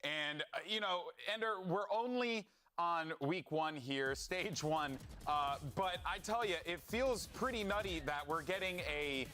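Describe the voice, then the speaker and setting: Lively, bright-voiced man hosting an esports desk. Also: high voice, unhurried, few pauses. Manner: lively, laughs often. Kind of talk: esports analyst desk chat.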